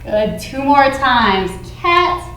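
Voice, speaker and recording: A woman's voice: high voice, measured pace, echoey room, rough recording. A woman teaching a children's yoga class, giving playful, encouraging sing-song cues. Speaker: kids yoga instructor.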